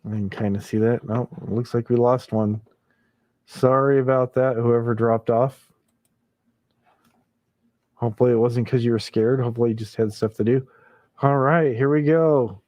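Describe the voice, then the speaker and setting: A man's voice: mid-range voice, fairly even intonation, moderate pace, long pauses, darkish tone, no echo. A man hosting a casual late-night livestream, chuckling often and reading viewer comments aloud. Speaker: livestream host.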